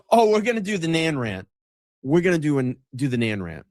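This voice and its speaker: A man's voice: on the high side, very animated, moderate pace, no echo, clean studio sound. Swearing, mocking live-stream host man. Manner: profane, mocking, gleeful. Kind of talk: casual live-stream commentary.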